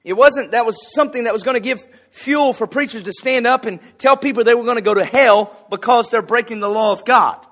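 Folksy preacher, male, high-pitched, conversational sermon delivery with light humor. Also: fairly quick, few pauses, a bit bright. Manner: folksy, conversational, jokes with the congregation. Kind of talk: casual sermon with anecdotes.

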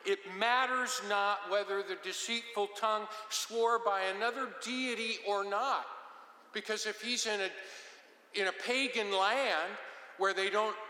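A man's voice: sits high, fairly even intonation, unhurried, pushed and bright. A man giving verse-by-verse Bible teaching in a conversational manner with joking asides. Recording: roomy with long reverb.

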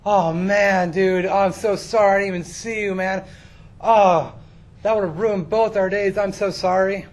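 Flustered, apologetic male mail driver, played by a man, higher and louder than the narrator. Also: steady tone. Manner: rushed, sheepish apologizing.

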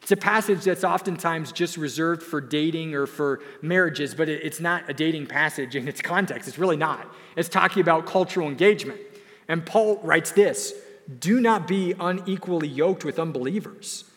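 A man's voice: on the high side, moderate pace, a bit bright. A young man preaching a sermon as pastor, earnest and emphatic, repeating key phrases. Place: church sanctuary. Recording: long hall reverb.

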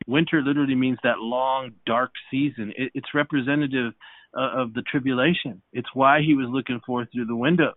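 A man's voice: medium pitch, steady tone, fairly quick, no echo. A man leading a podcast Bible study, preaching fervently with frequent hallelujahs and restarts. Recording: dry, phone-like sound.

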